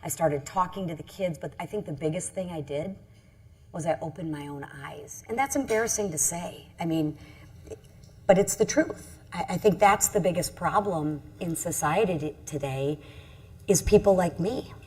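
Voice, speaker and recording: Husky, low-voiced woman, earnest and halting. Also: a little mellow. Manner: earnest, halting, many restarts. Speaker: congresswoman on a panel. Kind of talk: personal story at a panel discussion. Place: event stage.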